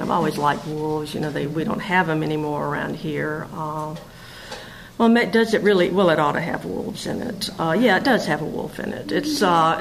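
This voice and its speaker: A woman poet reading her own poems aloud in a measured recitation, with hesitant, chatty asides between the pieces. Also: deep voice, creaky, slight background noise, poor audio. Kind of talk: poetry reading.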